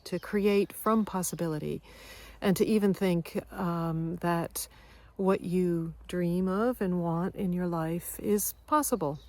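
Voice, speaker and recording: Reflective woman coach telling a story. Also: on the low side. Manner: reflective, lively when acting out moments. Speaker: wellness coach. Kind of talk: personal story told to camera.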